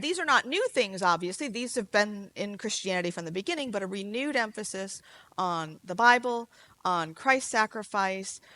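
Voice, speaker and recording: A woman's voice: medium pitch, sharp tone, rough recording. A woman giving a conversational public lecture, explaining step by step with light asides, restarts and fillers.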